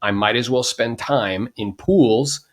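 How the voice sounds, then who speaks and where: Animated man hosting a podcast. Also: medium pitch, slow. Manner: animated, acts out quoted people. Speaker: podcast host, real estate agent. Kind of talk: casual podcast chat.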